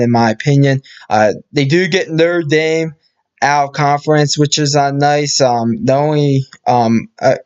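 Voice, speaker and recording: A man talks through his sports predictions in a loose, rambling way, stopping and restarting often. His pitch sits in the middle. The recording sounds a bit dull and lo-fi. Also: clear, resonant tone. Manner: rambling, many fillers and restarts. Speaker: sports video host. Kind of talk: casual sports predictions talk.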